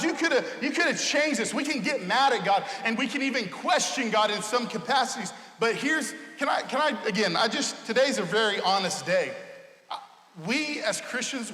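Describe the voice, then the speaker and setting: A man's voice: sits high, bright, forceful tone. A male pastor preaching a sermon in a passionate, conversational way. He often restarts and repeats his words, and his voice echoes through the church hall. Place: church sanctuary.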